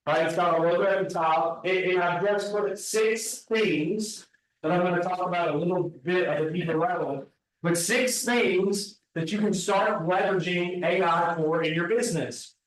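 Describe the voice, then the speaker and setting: A man with a weakened voice leading a team meeting, talking casually and asking the room questions. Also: fairly high pitch. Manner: relaxed, conversational, asks the room questions. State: weak voice. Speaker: team leader presenting at an office meeting. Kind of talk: meeting presentation. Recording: very echoey room, distant mic.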